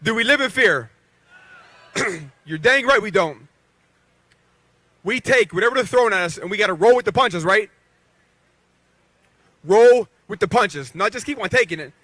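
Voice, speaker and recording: Fired-up high-voiced male rally speaker. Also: expressive, normal speed, long pauses, pushed and bright, dry recording. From Beaver County, Pennsylvania. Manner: fired-up, call-and-response with crowd. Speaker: rally speaker, professional boxer. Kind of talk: rousing rally speech.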